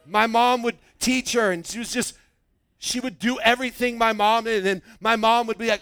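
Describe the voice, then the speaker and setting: High-voiced animated male preacher. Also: moderate pace, gravelly. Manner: animated storytelling, acts out quoted voices. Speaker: pastor. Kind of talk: sermon.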